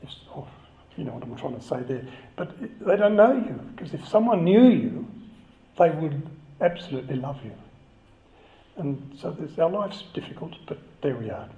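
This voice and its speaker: A man's voice: fairly high pitch, animated, moderate pace, warm tone. A man giving a chatty, conversational sermon and joking with the congregation. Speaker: preacher. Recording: echoey, slightly dull church recording.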